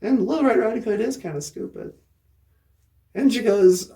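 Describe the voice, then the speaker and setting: A woman's voice: fairly high pitch, moderate pace, long pauses, mellow. A woman hosting a show, telling a children's story in a rambling way with sarcastic asides. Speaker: host. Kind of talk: comic storytelling.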